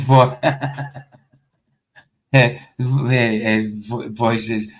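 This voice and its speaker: A man's voice: mid-range voice, little pitch movement, drawn-out words, pauses often. A man hosting a casual chat over a remote call, laughing often and stumbling over his words. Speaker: host.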